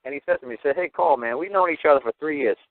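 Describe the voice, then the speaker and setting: A man hosting a call-in radio show, telling stories in a blunt, profane, animated way. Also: a little high, racing, dry recording. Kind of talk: call-in radio talk, storytelling. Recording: tinny phone-line radio audio.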